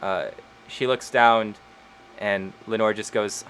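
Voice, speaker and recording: A man narrating a tabletop role-playing game as game master, unhurried, with frequent fillers. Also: on the low side, fairly even intonation, a bit bright, a little hiss or hum.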